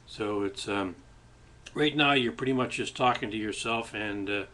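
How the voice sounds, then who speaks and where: A man's voice: lowish voice, moderate pace, pushed and bright. A man hosting his own webcam show, musing in a casual, rambling way while eating, with many restarts. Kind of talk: casual reflective webcam monologue. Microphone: webcam microphone.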